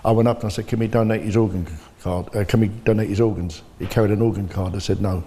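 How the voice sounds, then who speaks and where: Man, blunt earnest testimony, husky low voice in a reverberant hall. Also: steady tone, quick pace, dark tone. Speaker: bereaved father giving testimony. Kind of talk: personal testimony in conversation. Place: church. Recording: long reverb of a church hall.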